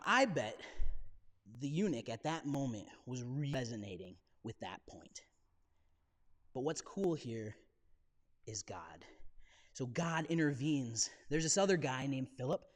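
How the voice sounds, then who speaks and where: A man preaching as a pastor, in a casual, jokey storytelling way with bits of slang. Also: a little high. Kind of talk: conversational sermon. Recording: reverberant church hall.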